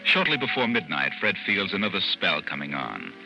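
A formal radio drama narrator with a deep, lively voice and a bright, forceful edge. Faint music plays under his words. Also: normal speed, gravelly, highs cut off.

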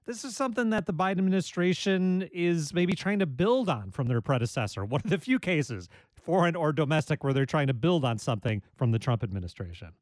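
A man hosting a public radio call-in show, asking questions and giving the phone number in a measured, steady way. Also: on the high side, no room sound. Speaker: radio talk show host.

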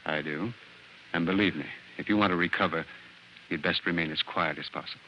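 A grave, measured doctor who holds back bad news, voiced by a man, with a very low voice. It is a 1940s radio play with muffled sound and faint hiss. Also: close to an everyday voice. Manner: calm, measured, evasive. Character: grave, guarded male family doctor.

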